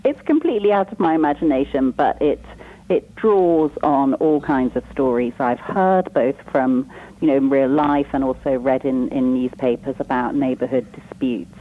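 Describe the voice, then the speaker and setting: A woman from England talks on a phone line that squeezes her voice thin and tinny. She chats easily with a quick laugh, a guest author explaining her work. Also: extremely low pitch. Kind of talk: phone interview.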